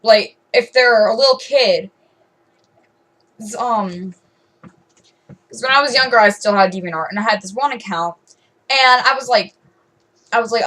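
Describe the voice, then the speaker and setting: A woman's voice: a little high, fairly bright tone, rough recording. Rambling aggrieved teenage girl. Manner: rambling, full of fillers and restarts, aggrieved. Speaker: vlogger. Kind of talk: rambling rant to camera.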